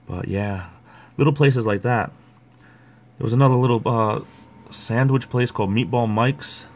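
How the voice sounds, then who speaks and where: A man's voice: mid-range voice, normal speed. A middle-aged man, hosting a livestream and chatting casually in a rambling way. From Rhode Island. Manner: rambling, chatty, greets viewers by name. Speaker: livestream host. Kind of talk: casual chat.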